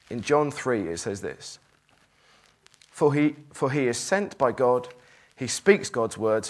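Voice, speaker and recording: A middle-aged man preaching a sermon, reading scripture aloud and acting out its tone with emphasis. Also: mid-range voice.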